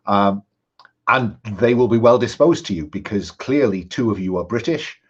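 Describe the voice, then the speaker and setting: Husky-voiced man running a tabletop game. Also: lowish voice, lively intonation, dull audio. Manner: measured, frequent ums and restarts. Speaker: game master.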